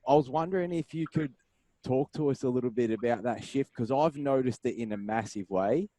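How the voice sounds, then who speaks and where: A man's voice: medium pitch, a little fast, mellow, no room sound. Eager male podcast host. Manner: enthusiastic, rambling questions. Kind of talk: casual interview questions.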